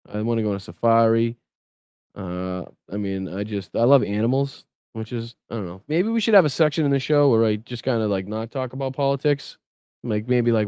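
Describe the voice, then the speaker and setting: Rambling, foul-mouthed livestream host. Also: male voice, lowish voice, darkish tone, clean tone, no room sound. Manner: rambling, swears freely, thanks viewers. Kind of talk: casual live chat reading comments.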